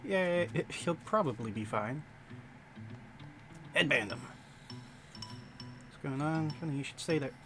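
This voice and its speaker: A male streamer talks casually through a live gameplay session and reads the game text aloud. His pitch runs a bit high with animated swings. Game music plays faintly behind him. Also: slow pace, long pauses.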